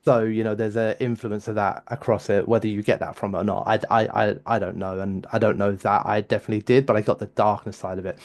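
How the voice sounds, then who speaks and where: A man's voice: lowish voice, flat delivery, quick pace, hardly any pauses. A man co-hosting a music reaction show, explaining an album in casual, rambling talk, often restarting as he hunts for words. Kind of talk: casual chat.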